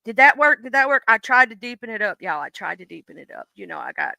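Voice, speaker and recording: A woman's voice: on the high side, big pitch swings, fast talker, gravelly, bright, forceful tone, no room sound, poor audio. A woman with a Southern US accent hosting a casual livestream, talking bluntly and with plenty of swearing to her chat. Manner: blunt, profane, talks straight to chat. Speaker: livestream host.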